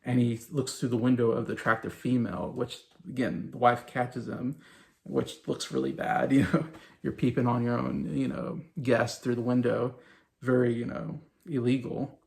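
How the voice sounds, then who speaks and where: A man's voice: medium pitch, flat delivery, moderate pace, gravelly, darkish tone. A man around forty giving a casual, rambling review of a TV show, full of fillers and little chuckles. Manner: rambling, loose retelling with many fillers and chuckles.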